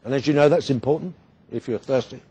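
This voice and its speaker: A man giving a storytelling speech with wry humour and dramatic pauses. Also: mid-range voice, warm tone, breathy edge. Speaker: guest speaker.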